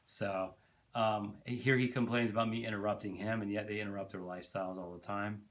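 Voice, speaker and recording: Man, vlogger, low-pitched, rambling storytelling, swears a lot, stumbles over words. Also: flat delivery, brisk. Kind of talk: casual storytelling vlog.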